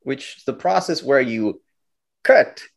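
A middle-aged man tells his story as a guest, animated and lively in pitch. He stumbles and restarts often as he goes. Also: measured pace, gravelly. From Brazil. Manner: animated, acts out quotes, many restarts. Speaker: guest filmmaker. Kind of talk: storytelling interview talk.

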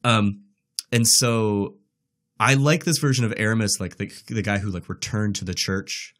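A man co-hosts a casual film podcast. He talks in a somewhat low voice, animated and joking, and fills his sentences with "like." He argues his points with playful insistence. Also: normal speed. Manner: animated, joking, many "like" fillers. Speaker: podcast co-host.

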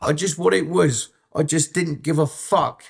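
A man's voice: a little high, a little slow, creaky, husky. A middle-aged man, telling blunt, profane, rambling stories about his past as an interview guest. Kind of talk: casual storytelling, heavy swearing.

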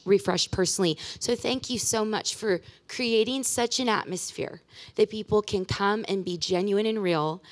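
A woman in her thirties gives a guest sermon in a church. She talks in a chatty, animated way, telling funny personal stories. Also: medium pitch. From Pacific Northwest of the US. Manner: chatty, animated storyteller with self-deprecating humor. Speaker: guest speaker. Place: church sanctuary.

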